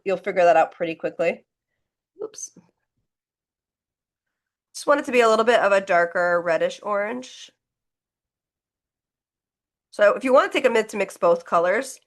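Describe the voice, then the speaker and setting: A woman teaches a live painting class online, her voice sitting at an ordinary middle pitch. She chats easily as she mixes colors and demonstrates, reassuring students as she goes. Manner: chatty, encouraging, talks while demonstrating. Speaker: painting instructor.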